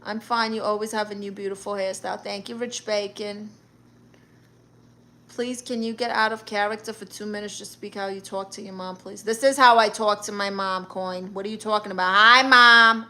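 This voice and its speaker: A woman's voice: medium pitch, steady tone, brisk, a bit bright, natural voice. A woman voicing a brash, boastful, middle-aged aunt from Brooklyn who plays at being a therapist, hosting a livestream and reading out chat comments with blunt sass and a Brooklyn accent. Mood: sassy. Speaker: livestream host.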